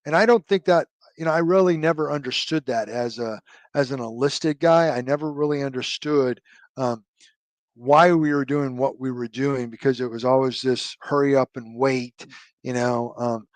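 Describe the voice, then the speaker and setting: Rambling retired army officer, dry sound. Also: male voice, medium pitch, normal speed, dry recording. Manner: rambling, many fillers and restarts, loose military jargon. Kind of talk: anecdotal storytelling in an interview.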